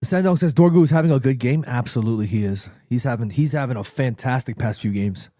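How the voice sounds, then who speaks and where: A man commentating live on a football match for his stream, reacting excitedly and shouting at players. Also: mid-range voice, no echo, studio quality. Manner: repeats himself, quick restarts. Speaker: watchalong streamer.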